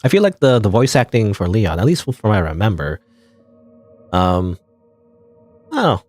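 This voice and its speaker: A man's voice: fairly low pitch, very animated, moderate pace, a little mellow, faint music behind. A man giving casual, playful commentary while playing an indie game, rambling and chuckling at the game. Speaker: gamer. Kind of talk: let's play commentary.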